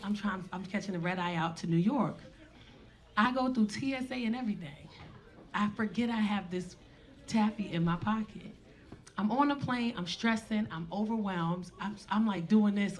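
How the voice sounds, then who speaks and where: A woman, animated, swinging from hushed asides to loud punchlines. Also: mid-range voice. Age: 40s. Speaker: stand-up comedian. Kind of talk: stand-up storytelling.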